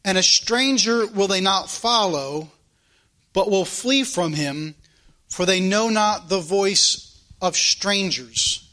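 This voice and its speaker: A man's voice: high-pitched, slow, bright, forceful tone. A man preaching a sermon, folksy and emphatic, reading scripture aloud and acting out the people in the story. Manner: folksy, acts out Bible characters, emphatic.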